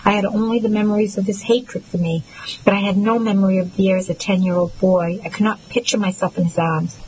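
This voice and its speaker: Woman reading a novel out loud, steady and earnest, mid pitch, bit of faint hiss. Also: fairly quick, low-quality recording. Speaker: audiobook narrator. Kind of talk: first-person novel narration.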